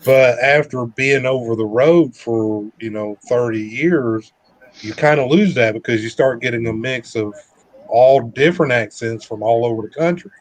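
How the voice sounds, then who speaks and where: A man's voice: mid-range voice, moderate pace. A man in his fifties with a mild, shifting Southern US accent, chatting in an easygoing, rambling way as a truck driver guest on a live stream. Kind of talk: casual live-stream chat.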